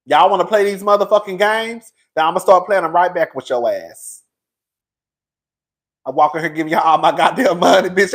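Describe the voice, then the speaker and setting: A man, telling stories on his own vlog in a loud, sassy and profane way, laughing often. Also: sits high. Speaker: YouTube commentary host. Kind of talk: casual storytelling vlog.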